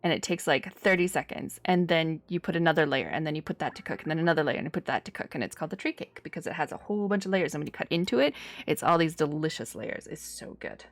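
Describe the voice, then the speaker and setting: A woman's voice: low voice, fast talker. A woman from Cyprus, streaming a game in casual chat, talkative, laughing often and replying to her chat. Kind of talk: casual chat while gaming.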